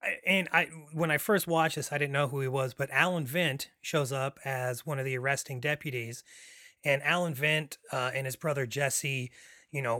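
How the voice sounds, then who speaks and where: Excitable rambling man on a dry mic. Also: medium pitch, dry recording. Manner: rambling, excitable, many fillers and restarts. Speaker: podcast host. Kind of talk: casual film discussion.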